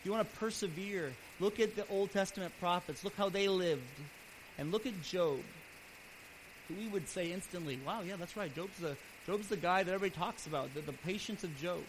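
A man pastor preaching a sermon earnestly, his voice swelling louder and then dropping soft. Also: sits high, brisk, low-quality recording. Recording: steady background hiss.

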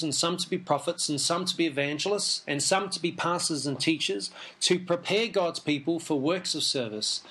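A man's voice: fairly high pitch, a bit bright. Easygoing man teaching from scripture. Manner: reads scripture aloud, easygoing and chuckling. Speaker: Christian teacher. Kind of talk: Bible teaching talk.

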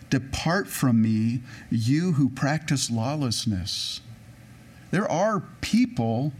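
A man pastor preaching a sermon, telling personal anecdotes in a chatty way and slowing down to read scripture. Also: on the high side.

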